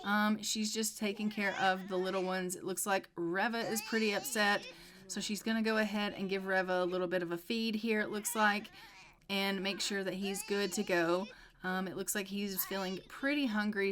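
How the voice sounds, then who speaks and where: A woman's voice: mid-range voice, fairly bright tone. A woman casually narrating her life-sim gameplay, chatty, with wry asides and frequent laughs. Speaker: let's play narrator.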